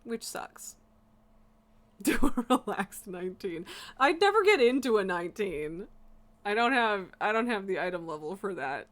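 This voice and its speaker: A woman's voice: mid-range voice, sing-song, unhurried. A young woman streaming a game, ranting in exasperation and laughing between swears. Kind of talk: casual live-stream rant while gaming.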